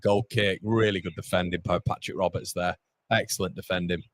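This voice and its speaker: A man's voice: sits low, fairly even intonation, brisk, no room sound. A young man hosting a live football watchalong, commenting on the match and reading viewer comments aloud with frequent laughs. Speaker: watchalong host.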